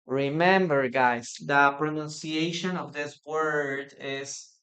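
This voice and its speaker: Slow, patient Peruvian-accented male teacher. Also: a little high, fairly even intonation, a bit bright. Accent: Peruvian Spanish. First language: Spanish. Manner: repeats phrases slowly for practice, answers viewers' comments. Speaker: English teacher. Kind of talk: live online English lesson.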